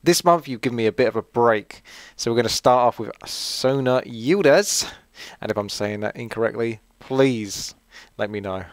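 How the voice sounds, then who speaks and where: A man's voice: medium pitch, moderate pace, dry recording. A man from Essex, England hosting his channel, answering viewer questions in a rambling, friendly chat full of fillers and asides. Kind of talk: casual chat.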